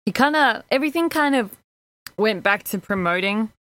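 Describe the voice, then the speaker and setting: A woman co-hosting a podcast, chatty and quick to laugh as she tells stories. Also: a little high, expressive, a bit bright. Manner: giggly, chatty, storytelling. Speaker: podcast co-host. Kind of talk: casual chat.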